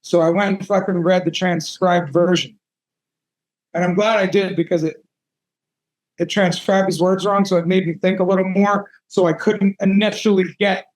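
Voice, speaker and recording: Brief: man in his thirties, light high-set voice, swears freely, animated candid storyteller on an interview. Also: moderate pace, rough recording. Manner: profane, animated, self-mocking storytelling. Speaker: tattoo artist guest.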